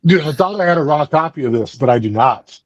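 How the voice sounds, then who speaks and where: A man's voice: on the high side, lively intonation, fast talker, no room sound, highs cut off. A man hosting a book club, casually recapping a comic book in a rambling way with lots of fillers. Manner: rambling, loose, many fillers.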